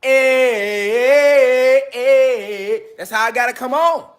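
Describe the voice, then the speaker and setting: A man's voice: extremely high pitch, takes it slowly. A man giving a profane, preachy lecture to his viewers, full of repeated call-and-response asides. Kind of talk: street-style lecture to viewers.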